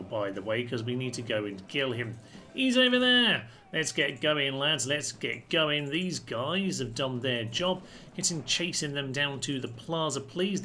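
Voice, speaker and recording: A man's voice: medium pitch, pushed and bright, a little hiss or hum. A young man hosting a strategy game let's-play, chatting playfully and joking with his units as he plays. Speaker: gaming channel host.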